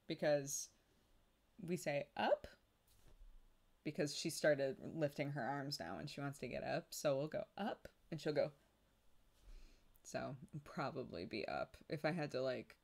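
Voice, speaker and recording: A young woman streaming, chatting casually with her audience, laughing often and mimicking babies' cries. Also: sits low.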